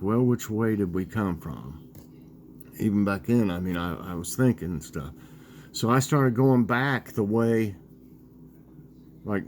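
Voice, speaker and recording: A man in his sixties chatting casually in a vlog, rambling and halting with lots of fillers as he tells a childhood story and talks about dinner. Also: low voice, darkish tone, a little hiss or hum. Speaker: vlogger.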